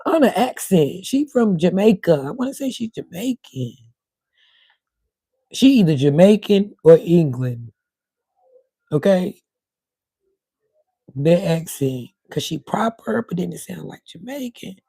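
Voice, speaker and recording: A woman's voice: fairly low pitch, animated, measured pace, creaky, long pauses, dark tone, slightly rough, dry recording. A middle-aged woman, rambling casually to her viewers on a livestream, her voice cutting in and out. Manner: rambling, talks to viewers in chat. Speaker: livestream host.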